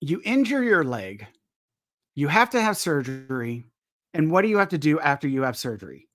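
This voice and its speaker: A man's voice: a little high, sing-song, moderate pace, a bit bright, no room sound, studio quality. A man hosting a casual live chat, polite and hesitant, restarting his sentences often. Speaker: host.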